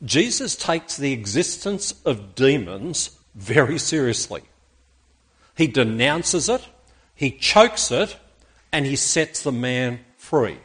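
Male pastor with a husky, mid-pitched voice, preaching to a congregation. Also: expressive, takes it slowly, a bit bright. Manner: asks the congregation rhetorical questions. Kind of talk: sermon with Bible reading.

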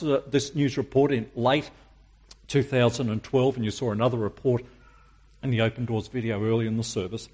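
A man preaching a sermon, emphatic and using dramatic pauses and rhetorical questions. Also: mid-range voice, darkish tone, husky.

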